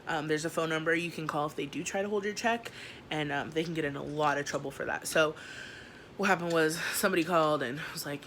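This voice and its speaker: A woman's voice: deep voice, steady tone, a little fast, a bit bright, a little hiss or hum. A young woman vlogger telling a story from her life in a casual, slangy way, acting out each scene as she goes. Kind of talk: storytime vlog.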